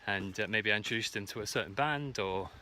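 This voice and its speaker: A man's voice: on the low side, fairly quick, pushed and bright, slight background noise. Breathless man vlogging on a hike. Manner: earnest, rambling, many fillers. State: out of breath from walking uphill. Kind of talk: reflective self-help monologue. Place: outdoors on a hike.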